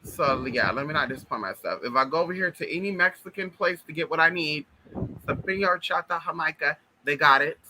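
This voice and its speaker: A man's voice: fairly high pitch, fairly quick, bright, forceful tone, slight background noise, poor audio. A man chatting casually to camera in a sassy way, swearing a lot and calling everyone girl and honey. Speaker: vlogger.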